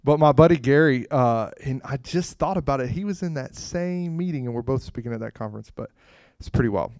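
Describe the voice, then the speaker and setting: Male storyteller, casual and rambling, clear voice, dry close sound. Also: medium pitch, brisk, no room sound. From Florida, USA. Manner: animated, rambling, acts out scenes with loud bursts. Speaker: speaker sharing a testimony.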